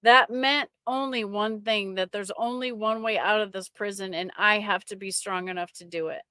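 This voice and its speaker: A middle-aged woman sharing a personal faith testimony with an online audience, emotional and halting, often restarting her sentences. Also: mid-range voice, steady tone, pushed and bright, clean tone, dry recording, studio quality.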